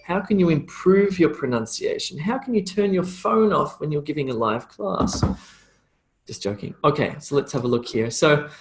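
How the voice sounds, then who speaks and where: A man's voice: a little high, a little hiss or hum. A man with a slight Australian accent teaches a live pronunciation class, joking now and then, checking in with "okay?", and repeating sounds over and over to demonstrate them. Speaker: English teacher.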